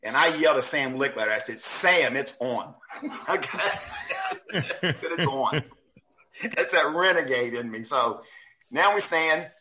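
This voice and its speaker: A man, a basketball referee, telling a story in a casual, animated way and acting out the people he quotes. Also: medium pitch, a little slow, pauses often, slight background noise, poor audio. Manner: animated, acts out quoted coaches.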